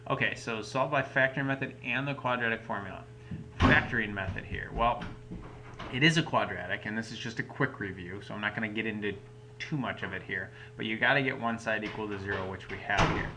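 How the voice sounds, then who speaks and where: A man's voice: on the low side, fairly quick, noisy background. A man teaching a recorded math lesson at home, explaining each step patiently in a casual way. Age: adult parent.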